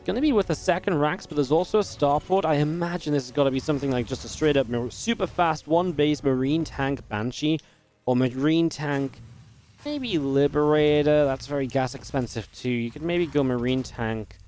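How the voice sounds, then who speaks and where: A man casting a real-time strategy match alone, in energetic play-by-play commentary with chatty asides. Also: on the high side, normal speed, soft background music. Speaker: esports caster. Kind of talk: solo play-by-play game commentary.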